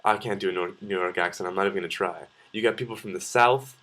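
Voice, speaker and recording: Man, lowish voice, casual vlog reply, easygoing and unscripted with plenty of ums. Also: fast, a bit bright. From Canada. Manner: easygoing, thinking aloud with frequent ums and uhs. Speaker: vlogger. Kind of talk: casual video response.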